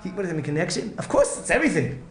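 Racing along in a high, sing-song voice, the rabbi delivers an earnest Torah lecture, repeating himself and restarting phrases as he mixes in Hebrew and Yiddish. Faint music sits behind him in an echoey room with faint ambience.

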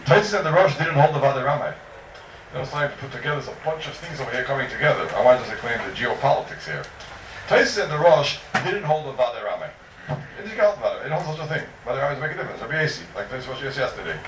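A man giving a Talmud lecture in a lively, sing-song teaching manner, full of rhetorical questions. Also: mid-range voice, fast talker. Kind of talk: yeshiva-style Talmud lecture. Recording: echoey room heard from far off, faint noise.

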